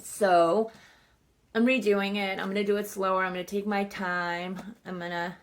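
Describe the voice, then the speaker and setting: A woman's voice: medium pitch, level tone, normal speed. A young woman chatting casually about a book she read, rambling, swearing freely and saying "like" a lot. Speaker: book vlogger. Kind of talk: casual book review chat.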